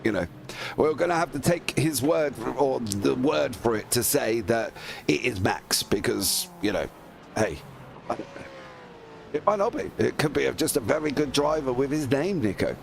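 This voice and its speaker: Gravelly man chatting race commentary. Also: mid-range voice, animated, moderate pace, slight background noise. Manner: rambling, chatty, many fillers. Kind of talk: casual live commentary.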